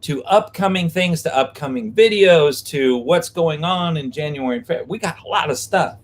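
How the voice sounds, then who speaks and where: In a parked vehicle behind a restaurant, a man co-hosts a live stream, bantering casually with viewers and playing jokey rhyming name games. His voice is on the high side and he talks at normal speed.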